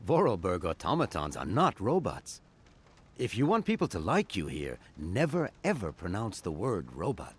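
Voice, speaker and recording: An evasive hotel clerk with a lively voice. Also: male voice, low-pitched, moderate pace, slightly rough, full character voice. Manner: polite but evasive, gossipy. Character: evasive, busy middle-aged male hotel clerk. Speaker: hotel receptionist. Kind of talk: adventure game voice acting.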